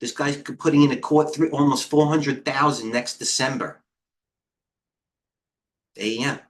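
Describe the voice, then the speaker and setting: A middle-aged man hosting a live trading stream, giving casual market commentary in a rambling way, with quick asides, restarts and talking to himself. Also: mid-range voice, steady tone. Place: indoor room with a heater on.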